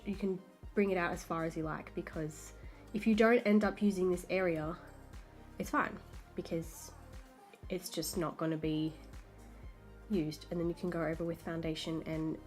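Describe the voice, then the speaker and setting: A woman's voice: lowish voice, fairly even intonation, moderate pace. An Australian woman, a makeup artist, chatting through a makeup tutorial step by step as she works. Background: soft background music.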